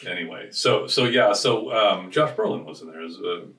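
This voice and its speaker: A man's voice: fairly low pitch, lively intonation, normal speed, far from the mic, noisy background. A man co-hosting a business podcast, telling stories in a rambling, casual way with frequent restarts. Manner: rambling storyteller, restarts often. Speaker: podcast co-host. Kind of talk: casual chat. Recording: roomy sound from off-mic.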